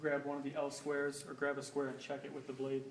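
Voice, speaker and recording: A man's voice: medium pitch, completely flat delivery, fairly quick, slight background noise. A young man casually demonstrating band saw safety in a school workshop, moving around the machine as he explains. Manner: informal, repeats "basically" and "rule of thumb". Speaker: shop safety instructor. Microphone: camera microphone from a distance. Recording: roomy, distant camera audio.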